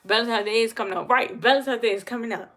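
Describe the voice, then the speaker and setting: A woman's voice: a little high, racing, a bit bright. A woman giving blunt, emphatic advice to her viewers on a casual livestream and answering the chat. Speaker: livestream host.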